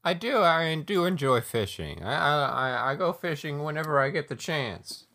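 A man's voice: fairly high pitch, sing-song, normal speed, sharp tone, exaggerated voice. A man playing an easygoing pilot who loves fishing, friendly and agreeable, in a tabletop game. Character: easygoing male pilot, fishing hobbyist with pet snake.

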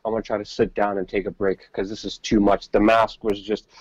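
Husky man, lo-fi remote call. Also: fairly low pitch, level tone, fairly quick, no echo. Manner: rambling, repeats words, many fillers. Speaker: podcast co-host reporting from the field. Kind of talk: casual live-stream chat.

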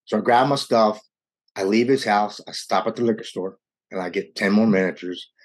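A man with a low, husky voice recounts his own hard story to an interviewer. He talks in an earnest, unguarded way, rushing some lines and dragging others as the feeling takes him. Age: adult with young children. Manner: earnest, raw, quickens and slows with emotion. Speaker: guest sharing his recovery story. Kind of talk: candid personal storytelling.

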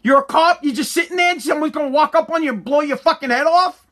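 A man in an angry, profane rant to camera, swearing, repeating himself and sometimes shouting. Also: extremely high pitch, fast. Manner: heated, swearing, repeats words, shouts at times.

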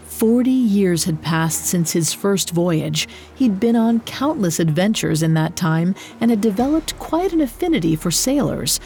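Mellow woman narrating a story. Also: mid-range voice. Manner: measured, expressive storytelling. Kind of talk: scripted narration.

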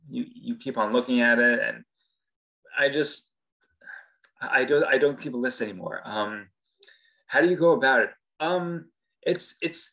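A man's voice: medium pitch, a bit bright, poor audio. Earnest male voice actor guest. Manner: thoughtful, earnest explaining. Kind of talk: casual interview chat.

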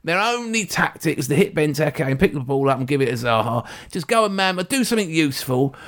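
A man's voice: a little high, quick pace. A man co-hosting a podcast, ranting and joking about his football club in casual, sweary chat. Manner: animated, ranting, sweary, jokey. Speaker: podcast co-host.

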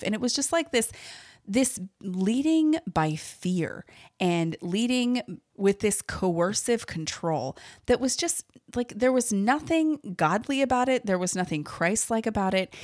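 A woman's voice: mid-range voice, lively intonation, unhurried, darkish tone, no room sound, clean studio sound. A woman hosting a solo podcast, talking candidly and emphatically about her own church experiences in a casual, filler-heavy way. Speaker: podcast host.

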